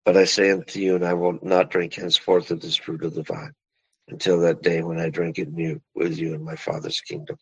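Deep, husky man reading scripture. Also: flat delivery, a little mellow, highs cut off. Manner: slow, solemn, formal.

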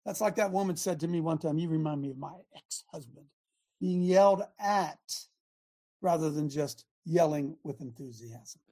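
A middle-aged man hosting a talk show, speaking in an animated, emphatic way with lots of repetition. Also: a little high, moderate pace. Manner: animated, emphatic, repeats himself, often laughs. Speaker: show host. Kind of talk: casual talk show monologue.

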